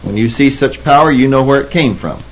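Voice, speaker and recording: A man preaching an expository Bible sermon. He cites chapter and verse and reads scripture slowly, and he repeats key words for emphasis. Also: mid-range voice, highs cut off. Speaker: Bible teacher.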